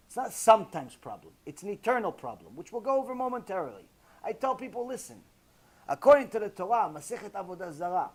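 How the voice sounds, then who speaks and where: A man's voice: sits high, a little mellow, breathy edge. A man giving a Torah lecture as a rabbi, emphatic, repeating key phrases and firing rhetorical questions.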